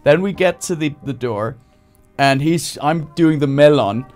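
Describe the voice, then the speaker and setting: A comedian writing jokes live on a stream, thinking out loud, who breaks into high screaming voices to act out his bits and laughs at his own lines. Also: unhurried, faint music behind. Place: home streaming setup.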